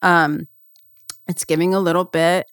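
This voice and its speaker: A woman's voice: on the low side, fairly even intonation, unhurried, a bit bright, clean tone, dry recording, studio quality. A woman hosting a podcast in casual, comedic chat, rambling and sarcastic with lots of fillers. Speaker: podcast host.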